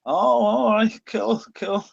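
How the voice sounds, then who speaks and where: A man's voice: high voice, fairly even intonation, slow, gravelly, dull audio. A man from Dublin with a Dublin Irish accent, a chatty, teasing guest on a casual chat. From Ireland.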